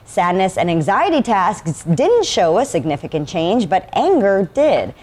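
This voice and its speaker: A woman's voice: mid-range voice, sing-song, unhurried, a little mellow. A woman from Minnesota with a Minnesotan accent, a news anchor chatting casually between stories. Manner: chatty, laughs easily. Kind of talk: casual studio chat and news reading.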